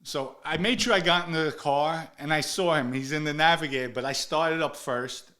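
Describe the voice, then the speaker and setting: A man's voice: fairly high pitch, fairly even intonation, moderate pace, bright, forceful tone. A man in his forties telling a story casually, swearing freely and acting out what others said. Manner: profane, acts out quoted dialogue. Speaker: guest storyteller.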